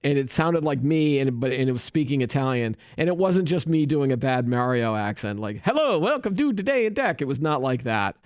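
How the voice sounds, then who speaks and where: Smooth-voiced man hosting a tech chat. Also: mid-range voice, a little fast, hardly any pauses, darkish tone, dry recording, clean studio sound. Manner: chatty and joking, with many restarts. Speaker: tech show host. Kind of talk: casual tech news chat.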